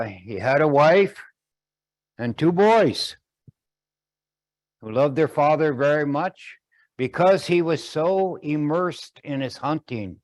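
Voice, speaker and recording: A man telling a traditional story slowly, pausing often and explaining as he goes. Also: mid-range voice.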